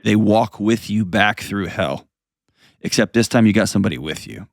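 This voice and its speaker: A man's voice: on the low side, normal speed, vocal fry, no room sound, studio quality. A man hosting a call-in advice show, counseling a caller in an earnest, direct, plain-spoken way.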